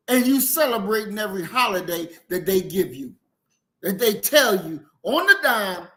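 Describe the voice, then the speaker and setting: A man giving impassioned commentary on a clip, preachy and emphatic, swinging between shouts and low murmurs. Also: big pitch swings, normal speed.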